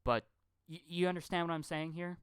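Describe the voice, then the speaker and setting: A man's voice: on the high side, steady tone, fairly quick, fairly bright tone, clear, resonant tone, no room sound. A man rambling through a profane live-stream rant, stammering and repeating his words. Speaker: channel host.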